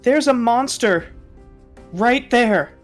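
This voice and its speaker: A man's voice: very high-pitched, lively intonation, slow, faint music behind, voice pushed up, exaggerated voice. A man voicing a frightened, sobbing young boy in a tabletop game. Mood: scared.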